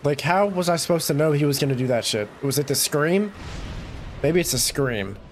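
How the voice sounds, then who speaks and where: A young man giving gameplay commentary, swearing and bursting into frustrated shouts. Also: a little high, animated, normal speed, a little hiss or hum. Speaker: gaming YouTuber.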